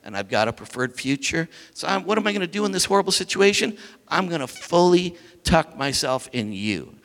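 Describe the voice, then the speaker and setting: A man preaching a sermon as pastor, animated and building to shouts as he reads scripture. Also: a little high, a little fast. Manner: dynamic preaching, rising to shouts when reading scripture. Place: church sanctuary. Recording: church hall reverb.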